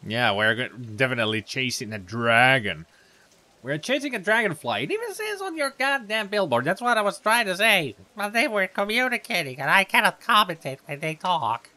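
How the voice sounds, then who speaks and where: A man's voice: high-pitched, sing-song, normal speed, bright, forceful tone. A man from Finland, a let's play host giving chatty, rambling gameplay commentary.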